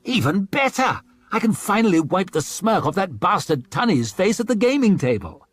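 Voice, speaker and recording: A man's voice: high-pitched, very animated, moderate pace, breathy edge, no echo, pitched above the performer's own voice, heavily acted. A man voicing a self-mocking young crown prince with a flippant, boyish manner. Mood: eager.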